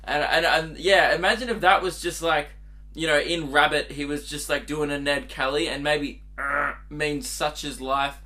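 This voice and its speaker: A man's voice: on the high side, steady tone, normal speed, sharp tone. A young man hosting his own podcast, rambling through crude, giggly stories in a casual solo monologue. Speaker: podcast host.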